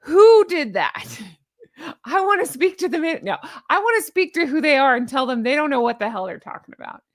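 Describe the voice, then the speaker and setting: Sarcastic woman, higher voice, dry sound. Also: animated, fast, fairly bright tone, no echo. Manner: sarcastic, exasperated, mocking. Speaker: commentary channel host. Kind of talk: sarcastic commentary.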